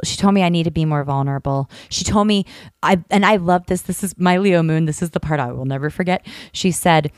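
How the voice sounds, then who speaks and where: A woman casually telling a long personal story on a podcast, rambling and animated, swearing freely. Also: low-pitched, brisk, clean tone, no room sound, studio quality.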